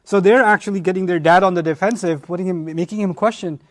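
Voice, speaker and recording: A man teaching a Quran study lecture, animated and often acting out quoted lines. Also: high-pitched, fast talker, hardly any pauses.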